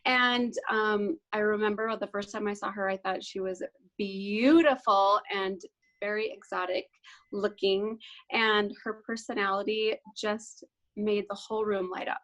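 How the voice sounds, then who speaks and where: A woman's voice: medium pitch, fairly even intonation, unhurried, a bit bright. A woman guest in a casual reunion chat, emotional and giggly, rambling as she speaks. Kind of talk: casual group video chat.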